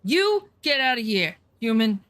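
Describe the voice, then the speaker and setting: A woman's voice: a little high, sing-song, unhurried, fairly bright tone, dry recording. A woman voicing a grumpy, sleepy male pet owl who talks down to people in a haughty, dismissive way.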